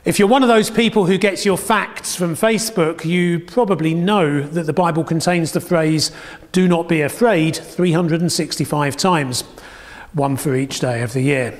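A man giving a sermon, telling stories with dramatic pauses and a hushed, repeated phrase. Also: a little high. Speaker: preacher. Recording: long hall reverb.

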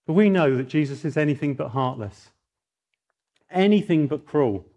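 A middle-aged man preaching a sermon in a fairly high voice. He tells stories with lively swings of pitch and often rises into mock outrage. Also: moderate pace. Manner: animated storytelling, voice rising in mock outrage.

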